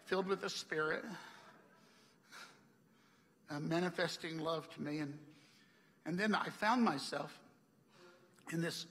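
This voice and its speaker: A man's voice: on the high side, measured pace, pauses often, fairly bright tone, big-room sound. A man preaching a sermon, a chatty storyteller who laughs often and acts out the people he quotes. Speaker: pastor. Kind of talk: sermon with personal stories. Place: church hall.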